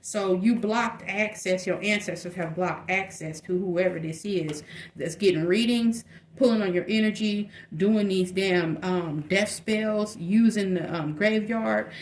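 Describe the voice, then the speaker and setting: A woman's voice: mid-range voice, a little slow. A woman giving a casual tarot reading in a blunt, chatty way, with slang and fillers. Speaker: tarot reader. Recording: echoey room with faint noise.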